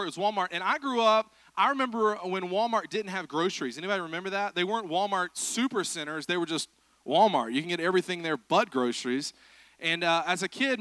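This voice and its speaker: Bright-voiced preacher, joking. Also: male voice, high-pitched, no room sound. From South Georgia, USA. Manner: joking, chatty, self-deprecating. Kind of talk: humorous sermon. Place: church.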